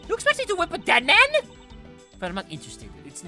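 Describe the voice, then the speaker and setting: Man playing a high, imperious young woman prosecutor with a whip, lively and bright. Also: fast talker, faint music behind, exaggerated voice. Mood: haughty. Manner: imperious, sadistic.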